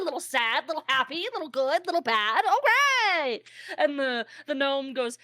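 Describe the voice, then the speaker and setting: A woman's voice: high voice, lively intonation, brisk, sharp tone, no echo, clean studio sound. A woman narrating a tabletop game as game master, in a chatty way, laughing often and using lots of fillers.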